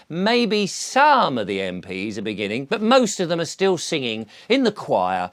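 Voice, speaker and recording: Mocking man with a lively voice. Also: on the high side, unhurried, hardly any pauses. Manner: mocking, acts out quoted voices. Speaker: video commentator. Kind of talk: solo monologue to camera.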